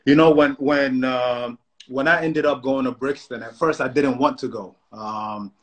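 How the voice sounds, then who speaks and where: A man's voice: mid-range voice, a little slow, poor audio. A man with a London accent, from South London, chatting and teasing his friend on a live phone stream. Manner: teasing, animated. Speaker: co-host. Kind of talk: casual chat, banter. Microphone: phone on a live video stream.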